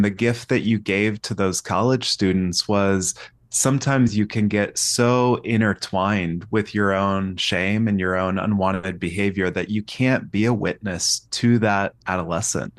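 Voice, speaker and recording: A man's voice: lowish voice, dry recording. A man talking as a therapist guest on a podcast, reflective and searching, often restarting his sentences. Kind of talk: podcast conversation.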